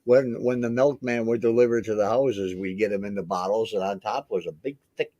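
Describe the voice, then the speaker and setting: A man's voice: lowish voice, steady tone, brisk, dark tone, no room sound, muffled recording. An older man in a casual video call chat, teasing his friends and laughing often.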